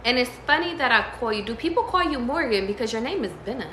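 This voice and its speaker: A woman giving a casual tarot reading, slangy and profane, breaking into excited squeals. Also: a little high, fast talker, roomy sound, slight background noise, rough recording. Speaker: tarot reader.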